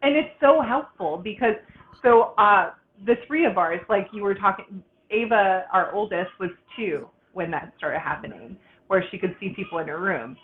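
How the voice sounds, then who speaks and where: Woman, podcast host, medium pitch, tinny phone-line audio, casual chat, shares own stories. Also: animated, normal speed, slight background noise.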